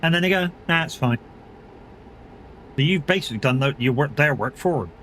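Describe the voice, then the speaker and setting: A man's voice: medium pitch, animated, fast talker, a bit bright, a little hiss or hum. A man streaming a driving game and chatting casually, rambling through stories and acting out the people he quotes. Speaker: gaming streamer. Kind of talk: casual live-stream chat while playing.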